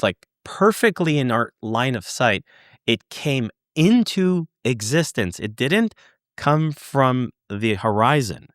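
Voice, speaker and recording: Man, podcast guest, earnest, halting, gropes for words, mid-pitched, dry close sound. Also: a bit bright, dry recording. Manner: earnest, halting, searches for words, swears for emphasis. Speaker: podcast guest, former UFO investigator. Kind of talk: conversational storytelling.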